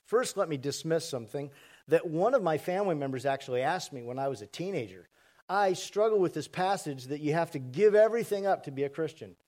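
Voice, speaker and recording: A pastor preaching a sermon to a congregation, conversational and asking the audience questions. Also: male voice, fairly high pitch, animated, a little fast, a little mellow. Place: church hall with congregation. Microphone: handheld mic.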